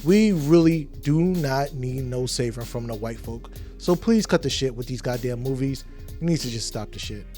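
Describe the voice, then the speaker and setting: A man's voice: mid-range voice, normal speed, warm tone, faint music behind. A man hosting a podcast, delivering an emphatic, profane, heated opinion rant. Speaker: podcast host.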